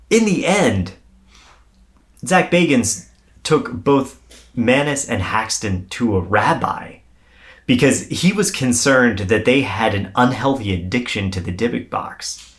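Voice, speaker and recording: A man co-hosting a podcast, telling a paranormal story in a casual, animated way and swearing freely. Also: mid-range voice, a little slow. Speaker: podcast co-host.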